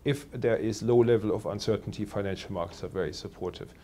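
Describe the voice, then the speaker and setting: A man working as a telecoms analyst, answering interview questions in a measured way with many pauses and fillers. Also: lowish voice, warm tone, slight background noise.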